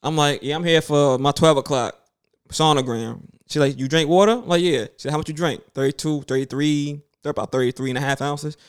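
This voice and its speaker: A man in his thirties, pitched a little high, spins a story in loose conversation. He acts out everyone's lines in lively bursts and curses freely. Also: brisk, clear, resonant tone. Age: 30s. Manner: animated, acts out other people's lines, swears freely. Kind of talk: casual storytelling chat.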